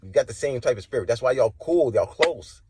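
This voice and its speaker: A man giving impassioned spoken testimony, preachy and confrontational, swinging from low and quiet to loud and high. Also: animated, brisk, background noise. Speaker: religious testimony vlogger.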